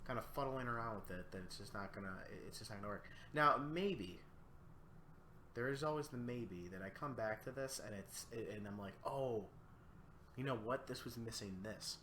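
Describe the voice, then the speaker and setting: A man's voice: mid-range voice, pushed and bright. Sleepy man musing on a livestream. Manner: thinking aloud, musing. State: sleepy, yawning. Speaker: streamer composing music. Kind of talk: casual livestream chat. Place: apartment. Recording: echoey room, faint background noise.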